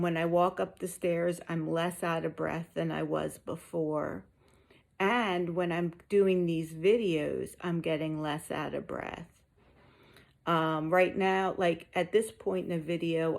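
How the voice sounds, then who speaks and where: Slow, gravelly woman, mildly winded. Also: lowish voice. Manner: slow, candid, with frequent ums. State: mildly out of breath and tired. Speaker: vlogger sharing a health update. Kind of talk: casual personal update to viewers.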